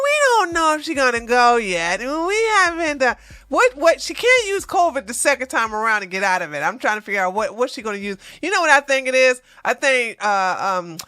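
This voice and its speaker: A high, bright-voiced woman hosts a news commentary show. She reads stories aloud and keeps breaking off with sarcastic, mocking asides. The sound is dry and close. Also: no room sound. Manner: sarcastic, mocking asides between read-out passages; breaks into laughter while reading. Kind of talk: reading news items aloud with running commentary.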